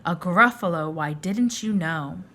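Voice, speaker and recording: A woman's voice: fairly low pitch, unhurried, fairly bright tone, a little hiss or hum. A woman voicing a small, clever brown mouse in a storybook read-aloud. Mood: polite.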